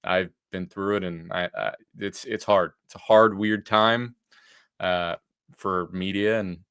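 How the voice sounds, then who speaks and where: A young adult man, a sports journalist hosting a podcast, talking relaxed with many fillers. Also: low-pitched, a little slow, smooth, no room sound, studio quality. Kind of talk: casual talk show chat.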